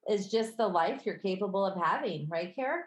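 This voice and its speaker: A woman with a Midwestern accent co-hosting a podcast in casual chat, conversational and quick to laugh. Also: mid-range voice, expressive. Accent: Midwestern American. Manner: conversational, laughs easily, self-correcting. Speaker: podcast co-host. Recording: roomy echo.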